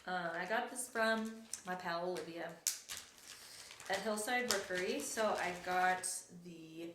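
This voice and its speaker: A woman's voice: on the low side, measured pace. A young woman hosting a cross-stitch vlog, chatting casually and rambling, often correcting herself. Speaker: flosstube host. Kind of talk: casual show-and-tell vlog. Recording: echoey room with faint noise.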